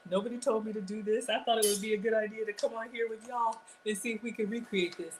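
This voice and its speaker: A woman's voice: fairly high pitch, fairly even intonation, fast. Woman host, chatty live-stream cooking demo, slight background noise. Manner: chatty, talks straight to viewers.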